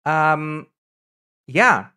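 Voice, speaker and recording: A woman streamer in casual live-stream chat, talkative and teasing, answering chat messages with sudden high, loud exclamations. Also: animated, extremely slow, smooth. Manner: chatty, reacts to chat messages with loud teasing jumps in pitch.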